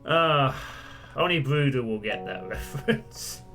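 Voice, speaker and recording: Gravelly, jokey let's play host man. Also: medium pitch, expressive, a little slow, a bit bright, soft background music. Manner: joking, swearing, laughing at himself. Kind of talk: casual gameplay commentary.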